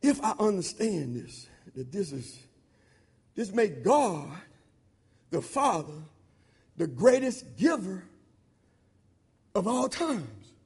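High-pitched guy preaching, gets loud and shouty then drops to mumbly asides, repeats himself a lot. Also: very animated, slow, pauses often, slightly rough. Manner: swings between loud shouted emphasis and low murmured asides; informal conversational preaching with repetition. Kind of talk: sermon.

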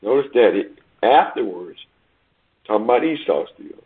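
A man preaching a sermon and reading scripture aloud, slow and emphatic, repeating words and stretching key phrases. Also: fairly low pitch, lively intonation, slightly rough. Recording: tinny phone-like recording.

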